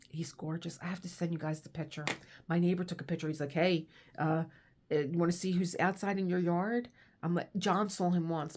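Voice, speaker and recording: Husky chatty woman, low voice. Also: darkish tone. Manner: rambling, chatty, laughs often. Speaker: crafting vlogger. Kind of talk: casual chat with reading.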